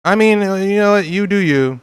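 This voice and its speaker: A young man from California chats with viewers while he plays a game, joking and laughing often. His voice sits a little high and comes across smooth and clear. He talks in a loose, rambling way and sometimes acts out silly quotes. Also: brisk. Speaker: gaming streamer. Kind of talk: casual gameplay chat with viewers.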